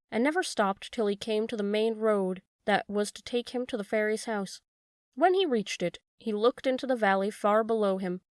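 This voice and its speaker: A woman narrating a classic children's tale in a calm, measured storybook reading. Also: mid-range voice, no echo, studio quality. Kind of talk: storybook read-aloud.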